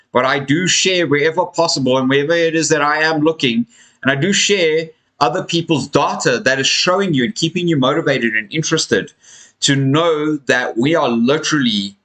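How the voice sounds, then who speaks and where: In a rough recording from a home room with a fan on, a weary man hosts a casual crypto livestream. He yawns, chats with viewers as friends, and stretches words for emphasis in a mid-range, slightly bright voice.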